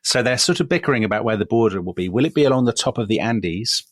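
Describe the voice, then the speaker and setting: A man's voice: mid-range voice, lively intonation, fast, no room sound. An English man co-hosting a history podcast, telling the story in a chatty way with self-deprecating asides. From England. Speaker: co-host. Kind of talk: casual history podcast chat.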